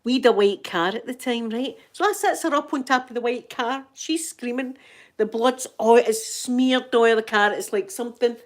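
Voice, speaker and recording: A woman's voice: fairly high pitch, normal speed. A middle-aged Scottish woman telling rambling, dramatic anecdotes in casual chat as a channel host. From Scotland.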